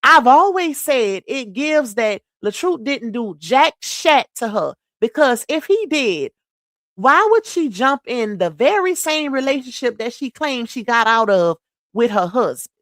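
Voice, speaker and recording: A woman's voice: a little high, sing-song, measured pace, fairly bright tone, no echo, studio quality. A woman from Louisiana hosting a casual livestream, talking bluntly and emphatically straight to her viewers. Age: adult mother. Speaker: livestream host.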